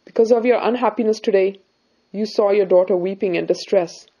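A woman reading as a gentle, devout husband. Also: medium pitch, fairly quick, breathy edge, muffled recording. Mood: gently consoling. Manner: calm, consoling, preaching. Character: gentle, serious, devout middle-aged husband.

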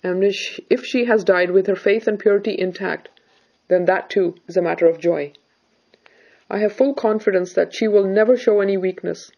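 A woman voicing a serious, devout middle-aged husband who calmly consoles his wife about faith. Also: on the low side, vocal fry, highs cut off. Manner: calm, consoling, preaching.

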